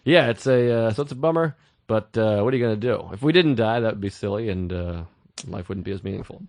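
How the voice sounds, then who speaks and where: A man's voice: lowish voice, lively intonation, fast, darkish tone, no echo, clean studio sound. A man co-hosting a podcast in casual chat, a crude, joking storyteller who acts out what other people said. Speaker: podcast co-host. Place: podcast studio.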